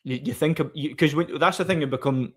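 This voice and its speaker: A man's voice: a little high, brisk, fairly bright tone. A man chatting casually on a live stream, rambling as he answers his chat's comments.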